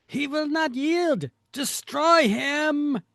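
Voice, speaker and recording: A man's voice: high-pitched, expressive, slow, dry recording, studio quality, pitched above the performer's own voice. A man voicing a grand male villain giving orders, read from a comic as a dramatic performance. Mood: commanding. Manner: commanding, theatrical.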